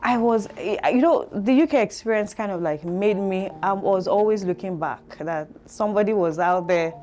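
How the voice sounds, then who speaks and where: A woman with a Nigerian accent, telling her story as an interview guest in a reflective, halting way full of fillers. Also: medium pitch, mellow, soft background music. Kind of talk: conversational interview.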